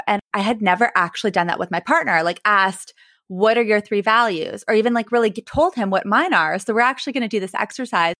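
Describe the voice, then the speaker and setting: A woman's voice: medium pitch, a bit bright, dry recording, studio quality. A woman hosting a podcast, chatting enthusiastically with her guest. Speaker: podcast host. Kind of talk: casual chat.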